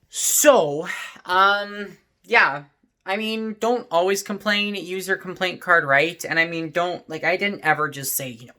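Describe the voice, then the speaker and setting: A man's voice: a little high, pushed and bright. A young man telling a rambling story in a casual vlog, full of "like" and "you know". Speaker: vlogger.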